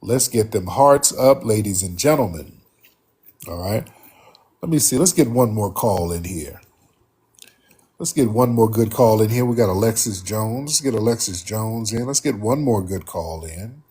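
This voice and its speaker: A man with a slightly husky voice hosts a live call-in stream. He talks in a loose, drawling way, addressing the room and his viewers casually. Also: lowish voice, animated, normal speed, dark tone. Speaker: host.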